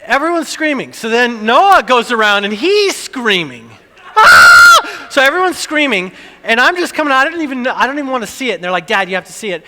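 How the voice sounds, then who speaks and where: A middle-aged male pastor tells a family story from the pulpit with lively, animated energy, acting out screams as he goes. His voice is high-pitched and very bright. The sound carries a long reverb, like a big hall. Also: brisk, slight background noise. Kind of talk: sermon.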